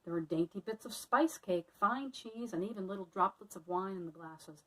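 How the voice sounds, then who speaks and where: A woman teacher reads a children's storybook aloud, friendly and expressive. Her voice sits in a middle register, and she is heard from a little way off the mic. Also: mid-range voice, moderate pace, far from the mic, poor audio. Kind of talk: reading a picture book aloud to children.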